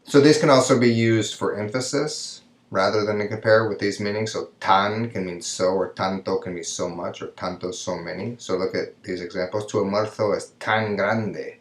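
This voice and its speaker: A man with a very low voice gives a recorded grammar lesson, taking it step by step. He keeps checking in with "right?" as he explains. His voice carries a noticeable room echo. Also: steady tone, normal speed, few pauses. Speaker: Spanish teacher. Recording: echoey room.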